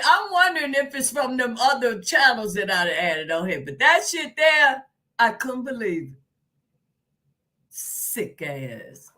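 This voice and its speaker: A woman hosts a casual live stream, exclaiming and laughing as she talks. Her voice sits high and bright, and she takes her time with the words. She swears freely and often gets loud. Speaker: livestream host.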